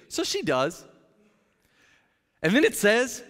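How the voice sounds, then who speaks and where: A man preaching a sermon as pastor, telling a story in an energetic, jokey way and acting out the characters' voices. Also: very high-pitched, unhurried, pauses often. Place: church sanctuary. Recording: long hall reverb.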